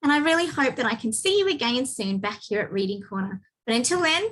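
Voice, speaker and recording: Bubbly lady reading kids stories, high lively voice, breathy. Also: fast. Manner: cheerful and expressive. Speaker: children's story reader. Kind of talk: storybook reading.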